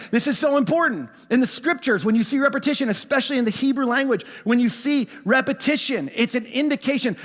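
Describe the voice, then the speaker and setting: A man preaching a sermon, emphatic and full of repetitions, slowing right down to stress key phrases and sometimes calling out to the congregation. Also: very high voice, a bit bright, in a large hall. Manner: emphatic, repeats words, slows down on key phrases. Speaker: pastor.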